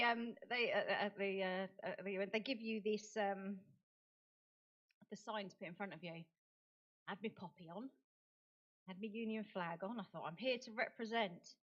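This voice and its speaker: A woman's voice: medium pitch, a bit bright. Woman, middle-aged, conference talk, chatty, laughs often, muffled lo-fi sound. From United Kingdom. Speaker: conference speaker and advocate. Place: conference venue.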